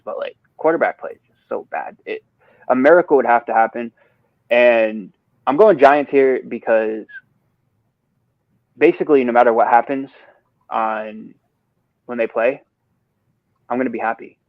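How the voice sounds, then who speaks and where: Recorded with no echo and a narrow, tinny sound, a mid-range male voice rants and curses while offering sports betting picks on a podcast, then says sorry for the language. He's in an unusual location, keeping the betting chat casual.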